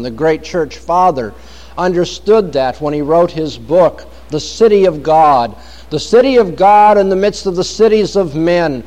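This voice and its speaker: A man delivers a sermon with a notably high-pitched voice. He reads long scripture passages aloud and leans hard into dramatic emphasis, slowing down on key phrases. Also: a little mellow. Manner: dramatic, varied emphasis, quotes scripture at length. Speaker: preacher.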